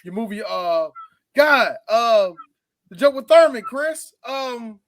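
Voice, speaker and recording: A man co-hosting a casual movie podcast, loud and joking, often breaking into impressions and shouts. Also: extremely high pitch, expressive, takes it slowly, dry recording. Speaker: podcast co-host. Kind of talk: casual movie-review chat.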